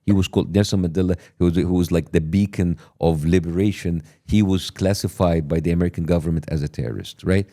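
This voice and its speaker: A man's voice: sits low, steady tone, fast, hardly any pauses, mellow. A man in a heated political discussion, pressing his point insistently and steering questions back to the big picture.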